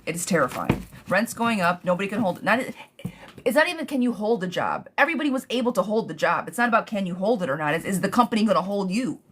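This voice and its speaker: A woman's voice: medium pitch, fast, slight background noise. A woman doing a live-stream tarot reading, answering viewers' questions in a chatty, blunt way, swearing freely and calling them girl and love bug. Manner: gets riled up and rants, then calms herself. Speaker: tarot reader.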